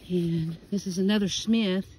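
A woman's voice: on the low side, fairly even intonation, normal speed, warm tone, slight background noise, poor audio. A woman walking through a cemetery, reading out names and dates from headstones in casual narration, slightly out of breath. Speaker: cemetery vlogger. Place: outdoor rural cemetery. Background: birds and outdoor ambience.

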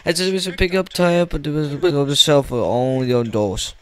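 A man retelling a picture book story aloud in a halting way, repeating words as he goes. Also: a little high, clean tone.

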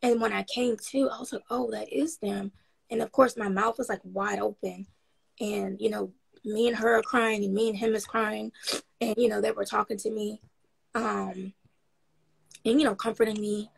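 Woman guest, rough breathy rasp, rambling frank storyteller with lots of ums, upbeat. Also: medium pitch, steady tone, normal speed, poor audio. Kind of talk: casual interview storytelling.

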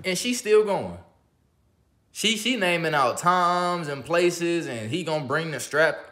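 Animated, blunt man reacting to a clip. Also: a little high, measured pace. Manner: animated, blunt, repeats "you feel me". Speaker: reaction video host. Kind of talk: casual profane commentary.

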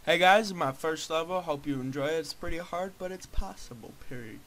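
A man's voice: on the high side, brisk, a bit bright. A young man hosting his own gaming channel, giving sarcastic, easily frustrated gameplay commentary on a noisy home recording.

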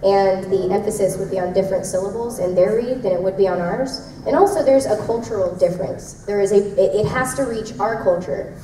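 A woman's voice: mid-range voice, fairly quick, few pauses, dark tone, far from the mic, a little hiss or hum. A young woman voice actress answering fan questions at a convention panel, chatty and laughing often as she tells stories. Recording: echoey hall, mic heard from afar.

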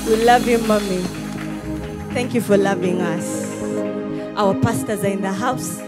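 A woman hosts a church service in a hall with a live congregation, rousing them through calls and responses while music plays behind. Her voice is medium-pitched and unhurried.

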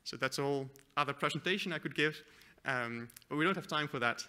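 A man giving a conference presentation, walking through a live software demo with a few fillers and self-corrections. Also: a little high, fairly quick, clean tone. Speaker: conference speaker. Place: conference hall.

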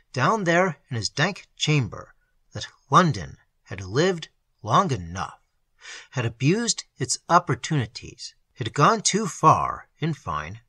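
Male storyteller, husky and bright, dry close sound, dramatic reading. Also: fairly high pitch, no echo. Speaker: narrator.

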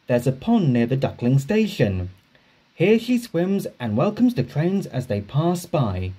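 A man narrating a children's storybook, reading aloud slowly and expressively. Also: on the high side, husky. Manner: slow, expressive read-aloud.

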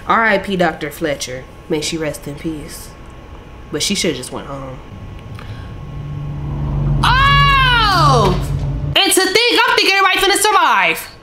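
A young woman reacting to a movie with loud, animated commentary, often yelling at the screen. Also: mid-range voice. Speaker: YouTuber reacting to a film. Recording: film soundtrack playing behind.

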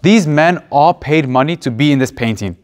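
A man's voice: fairly high pitch, lively intonation, moderate pace. A young man, a seminarian, giving a classroom presentation as a mock museum tour guide, conversational and earnest, with frequent restarts and fillers. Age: young adult.

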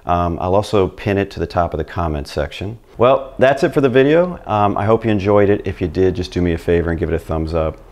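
A middle-aged man with a very low voice runs a relaxed language lesson. He talks in a chatty, patient way and keeps checking in with the listener. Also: fast talker, few pauses. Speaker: Spanish teacher.

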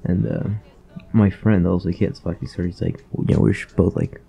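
Low gravelly young man ranting profanely. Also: steady tone, normal speed, dark tone. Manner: profane, rambling, filler-heavy. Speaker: vlogger. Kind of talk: casual storytime rant.

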